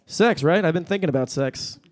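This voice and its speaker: A young stand-up comic works the stage at a live-streamed event, speaking fairly quickly in a deadpan manner. For punchlines he switches to high-pitched, panicky voices.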